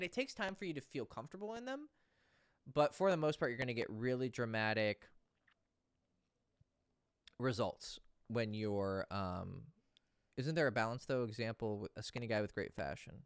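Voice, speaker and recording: A man's voice: mid-range voice, a bit bright, dry recording. Male dating coach, casual, blunt, plain mid-range voice, dry sound. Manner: blunt, casual, swears, reads out viewer questions. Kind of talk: casual livestream talk.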